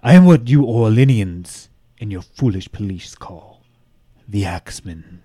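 A man's voice: lowish voice, animated, measured pace, dark tone, breathy edge, dry recording. A man reading aloud the letter of a boastful demonic male axe murderer. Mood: menacing.

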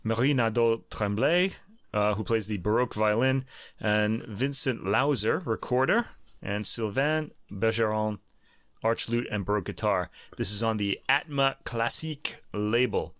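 Bright, dry-voiced man chatting casually. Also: lowish voice, measured pace, no room sound. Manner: hesitant, stumbles over French titles; laughs often, lots of restarts. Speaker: podcast co-host. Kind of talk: casual chat.

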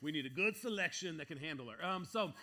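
A man preaching to a congregation, telling a story in an animated way, acting out voices and laughing between lines. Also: on the high side, fast talker, heavy background noise. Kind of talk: sermon storytelling.

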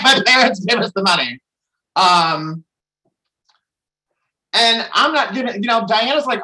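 A man's voice: sits high, animated, brisk, long pauses, pushed and bright, poor audio. A man sharing candidly at a recovery meeting, rambling with restarts and frequent swearing. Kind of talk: candid personal share.

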